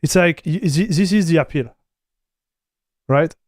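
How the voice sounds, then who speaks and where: Casual, high-voiced male streamer. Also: darkish tone, dry recording, clean studio sound. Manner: fast, loose talk with many restarts and "dude", "bro". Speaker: streamer reviewing software. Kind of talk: casual live-stream chat.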